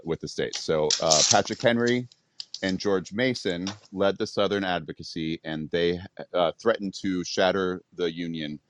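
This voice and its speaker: Deep-voiced man reading notes. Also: a little hiss or hum. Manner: reads history notes aloud, halting. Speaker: podcast co-host. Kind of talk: casual podcast chat.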